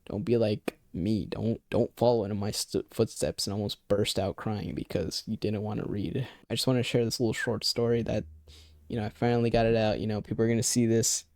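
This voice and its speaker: A man's voice: on the low side, fairly even intonation, a little fast, creaky, a little mellow, dry recording, studio quality. A young man telling a personal story in a loose, rambling way, swearing often and leaning on filler phrases. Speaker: vlogger. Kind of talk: casual storytime.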